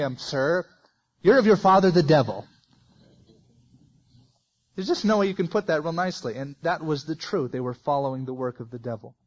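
A man's voice: a little high, lo-fi sound. A man preaching a verse-by-verse sermon, reading scripture aloud with folksy asides.

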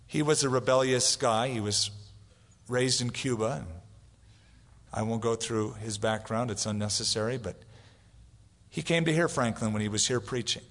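A pastor preaching in a reverberant hall. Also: male voice, medium pitch, a bit bright. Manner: storytelling, acts out quoted voices. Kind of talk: sermon.

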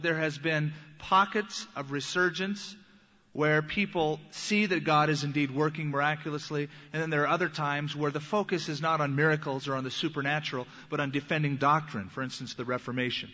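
A man preaching a teaching sermon in an earnest tone, slowing down for scripture quotes. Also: on the high side, pushed and bright, in a large hall, dull audio. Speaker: pastor.

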